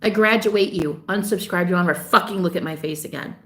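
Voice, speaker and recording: A woman delivering a fiery, preachy monologue straight to her viewers, swearing freely and scolding them, with sharp jumps in pitch on her outbursts. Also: a little fast, heavy background noise. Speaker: spiritual vlogger. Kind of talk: ranting monologue to camera.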